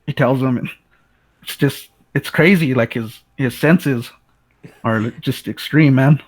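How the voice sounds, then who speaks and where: Male co-host, laid-back film chat, mid pitch, casual "man" filler. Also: unhurried. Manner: laid-back, keeps saying "man", trails off with restarts.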